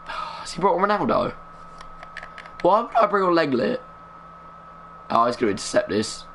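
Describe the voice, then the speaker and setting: A young gaming streamer provides live commentary on a football video game, keeping his voice low. He chats and mutters, breaking into bursts of excitement. His voice sits on the low side, with a slight hiss or hum in the audio.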